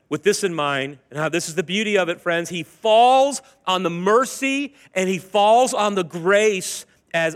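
High-voiced male pastor preaching. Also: a bit bright. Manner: conversational preaching, acts out quoted voices. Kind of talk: sermon. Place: church.

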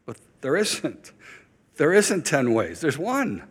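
A man's voice: a little high, wildly swooping pitch, takes it slowly, breathy edge, in a large hall. A man preaching a sermon as pastor, urgent and emphatic, repeating key phrases for weight.

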